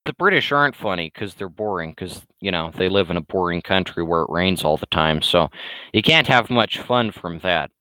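A man's voice: sits low, expressive, moderate pace, bright, forceful tone, no room sound, poor audio. A man ranting casually to camera, blunt and rambling, with many restarts and fillers. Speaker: vlogger. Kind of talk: casual opinionated rant.

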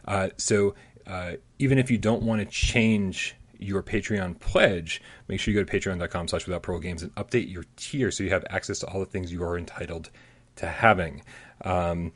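A man's voice: low-pitched, moderate pace. A man co-hosting a casual gaming news show, joking, laughing often and talking loosely with many fillers. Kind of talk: casual chat.

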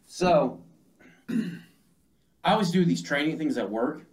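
A man's voice: a little high, lively intonation, takes it slowly, recorded from a distance. A tipsy man co-hosting a podcast, telling a rambling, profane story in casual chat. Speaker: podcast co-host.

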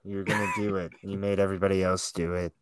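A man's voice: low voice, little pitch movement, fast talker, smooth, dry recording, clean studio sound. A man co-hosting a comedy podcast, chatting casually, laughing often and swearing as he tells stories. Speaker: podcast co-host.

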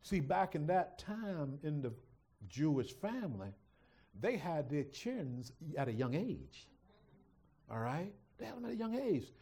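A male preacher delivering a sermon with a high, lively voice that dips into quiet asides and then climbs to shouts. He jokes and banters with the congregation between points. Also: a little slow, breathy edge. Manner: dramatic swings from hushed to shouting, teasing congregation. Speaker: pastor.

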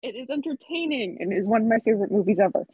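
Co-host, woman, husky, very expressive pitch, dry dull recording. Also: racing, dry recording. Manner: emphatic and playfully bossy. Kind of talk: casual chat.

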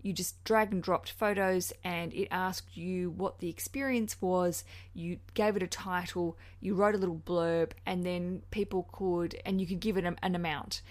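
A woman's voice: fairly low pitch, fairly even intonation, normal speed, few pauses. A woman with a New Zealand accent hosting a podcast, chatty, gushing and frankly cheeky as she gives advice. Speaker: podcast host. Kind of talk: casual podcast chat.

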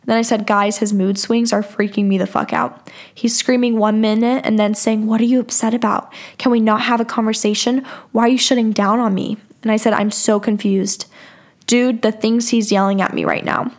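A woman's voice: on the high side, level tone, moderate pace. Frank, profane young woman telling a story. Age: young adult. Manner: candid, profane and exasperated. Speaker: podcast host. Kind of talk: personal storytelling, reading out old texts.

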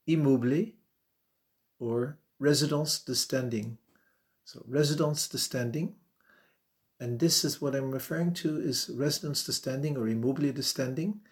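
Man hosting a real estate podcast. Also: mid-range voice. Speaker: podcast host. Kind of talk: solo podcast explainer.

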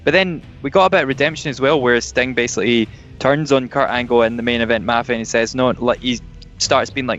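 A man's voice: mid-range voice, fast, a bit bright, soft background music. Man explaining things on a podcast. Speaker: podcast co-host. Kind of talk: casual chat. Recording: dull lo-fi podcast audio.

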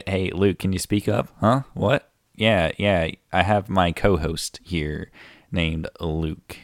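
A young man co-hosting a comedy podcast, his voice sitting low with a gravelly, fry-laced texture. He rambles through joking mock bickering, full of fillers and restarts. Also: dry recording, clean studio sound. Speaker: podcast co-host. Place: indoor room, hosts facing each other.

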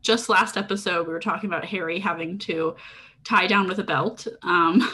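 A woman's voice: fairly low pitch, fairly even intonation, moderate pace, pushed and bright, husky. A woman co-hosting a podcast, talking through a book in a casual, thoughtful and analytical way. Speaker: podcast co-host.

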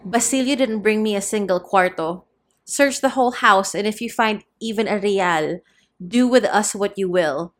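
A woman's voice: mid-range voice, moderate pace, natural voice. A woman voicing a poor, desperate peasant mother who pleads in fear, in an audiobook reading. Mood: pleading. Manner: pleading, fearful.

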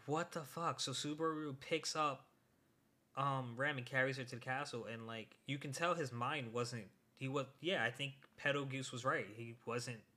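A young man co-hosting a casual podcast, recapping an episode, who swears freely and gets worked up. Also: medium pitch. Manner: excitable, swears, rises sharply when worked up. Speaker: podcast co-host.

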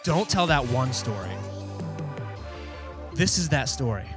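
A man giving a casual storytelling sermon as a youth pastor, animated and acting out the people he quotes. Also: mid-range voice, a little slow, over music.

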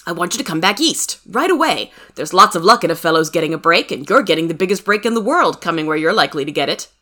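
A woman's voice: on the low side, lively intonation, quick pace, a bit bright. A woman reading the part of an earnest, impatient wealthy man who talks insistently and urgently.

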